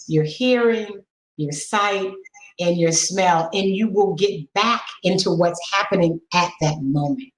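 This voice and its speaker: A middle-aged woman speaking as a podcast guest and sex educator, frank and animated, coaching listeners with a string of rhetorical questions. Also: on the low side, unhurried, reverberant, poor audio. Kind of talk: podcast conversation.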